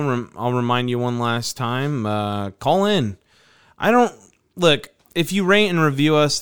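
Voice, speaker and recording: A man's voice: mid-range voice, a bit bright, clean tone. A man hosting a casual sports podcast, rambling loosely with frequent restarts. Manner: rambling, restarts and laughs easily. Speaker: podcast host.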